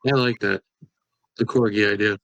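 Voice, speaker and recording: A man comedian speaks on a podcast in a wry, deadpan way, with dry humour in his stories. His voice sounds close and dry with no room echo. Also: fairly low pitch, normal speed. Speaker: comedian guest. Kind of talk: casual chat on a video call.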